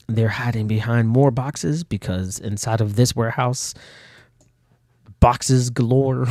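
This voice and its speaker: A man's voice: medium pitch, unhurried, vocal fry, a little mellow, no room sound, studio quality. A man casually talking about and reading from his own comic, rambling with many fillers and frequent laughs while bothered by his nose. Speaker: comic artist and channel host.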